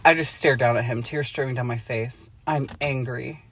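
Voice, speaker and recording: A woman's voice: extremely low pitch, steady tone, normal speed, a bit bright, a little hiss or hum. A woman podcast host reading a romance novel aloud in a parked car, with crude, laughing asides.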